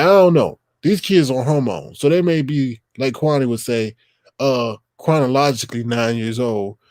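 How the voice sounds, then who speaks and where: A man in his thirties rants on his own livestream, swearing freely and calling out his viewers directly. His voice sits at a middle pitch. The sound is close and dry, with no room echo. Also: a little mellow. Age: 30s. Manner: blunt, profane, talks straight to chat viewers. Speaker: livestream host. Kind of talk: casual livestream rant.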